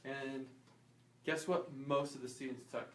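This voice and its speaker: A chiropractor teaching an informal health class, quizzing the audience and acting out small scenes. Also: male voice, mid-range voice, measured pace. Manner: lively, asks the audience questions and acts out little scenes. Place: class room. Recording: echoey room, voice from far off.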